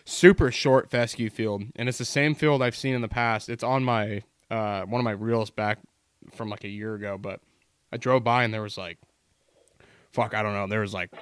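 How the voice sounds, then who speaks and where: A man as a podcast guest, telling a hunting story in relaxed, profane, casual chat. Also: fairly low pitch, normal speed, smooth, no room sound, studio quality. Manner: relaxed, profane, laid-back.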